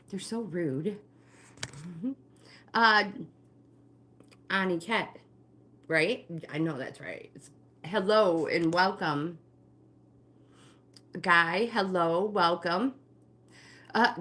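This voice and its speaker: A woman's voice: on the low side, very slow, long pauses, fairly bright tone. An older woman leading a live-streamed walking workout, giving friendly exercise cues and greeting viewers by name. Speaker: fitness instructor and livestream host.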